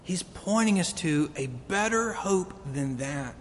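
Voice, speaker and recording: A man's voice: lively intonation, measured pace, few pauses. A man preaching a sermon earnestly, building to emphatic peaks. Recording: long reverb of a hall, faint rumble.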